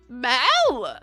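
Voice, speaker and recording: A woman's voice: sits high, bright, forceful tone. A woman streaming live, chatting casually with her viewers, greeting them and laughing often.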